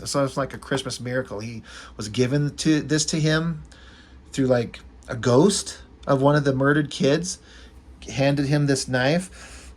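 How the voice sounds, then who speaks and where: A man's voice: mid-range voice, a little slow. A man giving a casual, enthusiastic review of a comic book, rambling a little with fillers.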